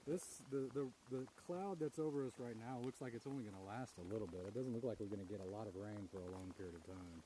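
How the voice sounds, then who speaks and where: A man chatting dryly and deadpan outdoors by a campfire in the rain. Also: fairly low pitch, fast, few pauses, slight background noise. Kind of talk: casual chat.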